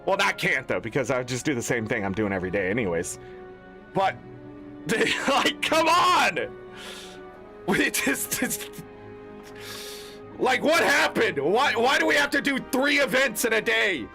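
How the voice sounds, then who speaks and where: Male gaming creator, high bright voice, gravelly, exasperated swearing rant over faint music. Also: sing-song, measured pace, pauses often. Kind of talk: ranting commentary.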